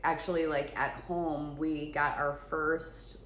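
A woman's voice: low-pitched, little pitch movement, slow, a bit bright. A middle-aged woman co-hosting a podcast, chatty and laughing often. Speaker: podcast co-host. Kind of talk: casual chat. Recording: echoey room.

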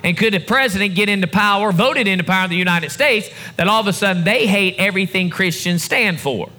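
A man's voice: sits high, quick pace, sharp tone. A male pastor preaching a sermon to his congregation in a church service, building his emphasis in a call-and-response way.

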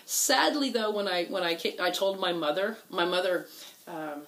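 A woman telling a personal story in casual conversation, halting with many fillers and restarts. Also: lowish voice, expressive, a bit bright, low-quality recording. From Texas. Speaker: guest telling a coming-out story.

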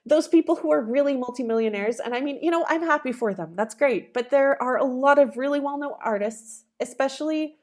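A middle-aged woman composer in an interview, talking with animated emphasis and acting out the people she quotes. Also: sits high, a little fast, hardly any pauses. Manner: animated, acts out quoted callers. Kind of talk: conversational interview.

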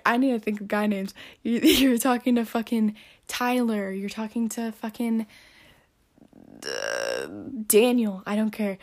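A woman's voice: medium pitch, darkish tone. A teenage girl giving blunt, profane dating advice in a casual rant. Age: teens. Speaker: vlogger.

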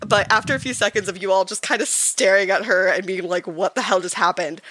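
A woman's voice: medium pitch, fairly quick, a bit bright, dry recording, rough recording. A woman playing a tabletop game, describing her character in a chatty, rambling way. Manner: chatty and rambling, many fillers. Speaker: player. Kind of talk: casual tabletop role-play.

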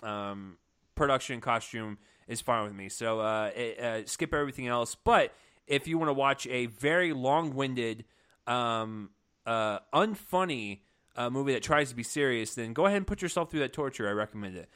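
A man's voice: mid-range voice, normal speed, a bit bright, clear, resonant tone. A man co-hosting a film review chat, retelling scenes animatedly with exasperated asides. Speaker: film review podcast co-host. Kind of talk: casual chat.

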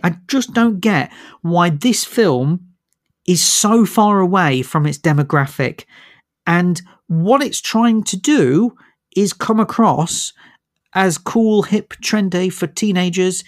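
Animated, stammering man, dry close mic. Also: sits high, slow, dry recording. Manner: animated, exasperated griping with stammered restarts. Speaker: film reviewer. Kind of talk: casual podcast film review chat.

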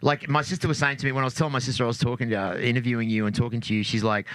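A man's voice: mid-range voice, fairly even intonation, very fast, fairly bright tone, no echo. A man hosting a podcast, asking eager questions in casual chat, swearing freely and laughing often. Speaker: podcast host.

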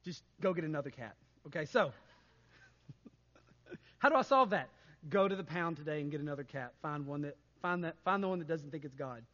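A man preaching a sermon as pastor, conversational and animated, often adding "right?" to his points. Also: on the high side, fast talker, few pauses, big-room sound, muffled recording.

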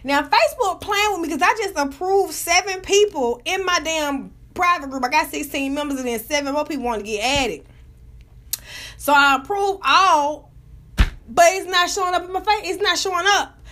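A high-voiced woman with a Southern US accent talks fast and loose, piling up profanity and restarting her sentences as one thought tumbles into the next. Her casual commentary races along in quick, rambling bursts. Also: fairly bright tone. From Georgia, US South. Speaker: vlogger reviewing rap tracks.

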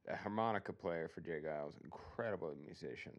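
A man's voice: low voice, quick pace. A man hosting a podcast in casual chat, putting on a rambling radio DJ manner and correcting himself as he goes. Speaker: podcast host playing songs.

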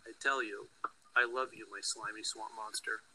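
A man reading a gentle loving mother. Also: lowish voice, steady tone, normal speed, breathy edge, full character voice, rough recording. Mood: tender. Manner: soft, tender answers. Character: gentle, loving mother soothing her child.

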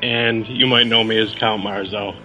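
Sharp, flat-voiced male guest. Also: lowish voice, moderate pace, soft background music, low-quality recording. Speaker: guest co-host. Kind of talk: casual chat.

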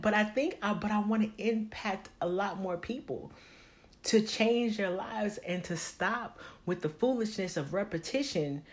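Slow, low-voiced woman vlogger. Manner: candid, profane and rambling; bursts into high excited tones. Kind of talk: casual motivational monologue.

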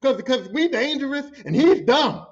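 Male podcast host, high voice, profane and animated storyteller, dull lo-fi sound. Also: moderate pace. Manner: profane, animated, acts out quotes.

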